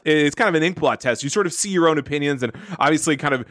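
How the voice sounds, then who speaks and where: A man co-hosts a podcast in playful, animated chat, slipping into mock quotes. His voice runs a bit high, and the close studio mic keeps it dry. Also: fast, hardly any pauses, no echo. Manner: animated, jokey, acts out quotes. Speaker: podcast co-host. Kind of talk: casual chat.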